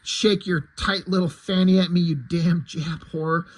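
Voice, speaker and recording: A man's voice: fairly high pitch, steady tone, a little slow. A man reading aloud the lines of an angry, taunting brute from a comic. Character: angry brutish male thug.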